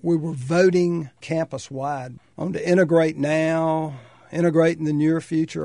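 An older man from North Carolina, thoughtfully recalling his past in a measured, pausing way. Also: on the high side, steady tone, vocal fry, darkish tone, no room sound, clean studio sound. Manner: measured, thoughtful, with pauses and restarts. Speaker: oral history interviewee. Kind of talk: reflective personal reminiscence.

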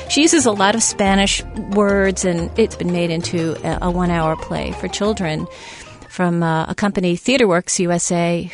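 A middle-aged woman who presents children's theater, talking enthusiastically in a casual interview. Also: mid-range voice. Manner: chatty, enthusiastic, with fillers and restarts.

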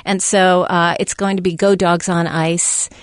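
A woman's voice: on the low side, level tone, measured pace, dry recording, studio quality. A middle-aged woman who presents children's theater, talking enthusiastically in a casual interview. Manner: chatty, enthusiastic, with fillers and restarts.

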